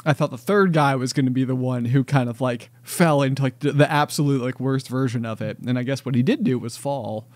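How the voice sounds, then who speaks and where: A man's voice: mid-range voice, a little fast, hardly any pauses, darkish tone, no echo. A man co-hosting a podcast who chats casually and rambles, full of likes and ums. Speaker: podcast co-host. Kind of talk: casual chat.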